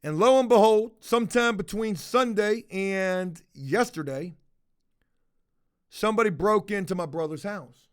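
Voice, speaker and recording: A man's voice: high voice, unhurried, clear, resonant tone. A man telling a personal story to his viewers in a casual, profane, conversational way, acting out the dialogue. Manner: profane, conversational, retells dialogue with many fillers.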